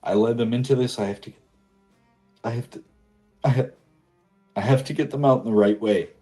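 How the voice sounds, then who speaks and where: A man voicing a grieving young woman who speaks through tears, halting and desperate, in a tabletop game. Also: mid-range voice, warm tone, soft background music, lightly acted. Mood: resolved. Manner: tearful, halting.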